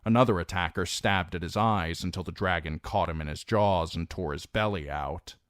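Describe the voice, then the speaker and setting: A man reading a fantasy novel aloud as an audiobook narrator, in measured, dramatic storytelling. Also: sits low, fairly bright tone, dry recording, studio quality. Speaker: audiobook reader.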